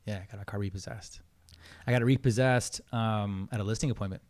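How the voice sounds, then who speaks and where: A fast-talking man tells a personal story in a casual interview, acting out what people said and dropping "bro" and "man" often. His voice sits fairly low. He keeps the talk loose and full of swearing. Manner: animated storyteller, acts out quotes, swears, says "bro" and "man". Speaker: podcast guest.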